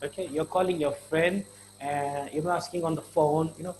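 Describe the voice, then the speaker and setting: A man's voice: on the high side, steady tone, moderate pace, darkish tone, slight background noise, low-quality recording. A man with an Indian English accent teaching slang in a chatty, informal lesson, full of fillers and acted-out little dialogues.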